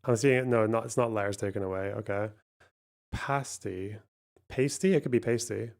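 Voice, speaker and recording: A man's voice: lowish voice, steady tone, quick pace, gravelly, darkish tone. A man hosting a live stream, reading out donations and thinking aloud over a word puzzle, muttering and swearing as he goes. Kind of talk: casual live stream chat.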